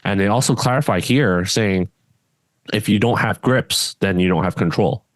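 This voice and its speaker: A podcast co-host with a lowish voice chats casually and bluntly at a moderate pace, with no room sound. He often trails off and restarts his sentences.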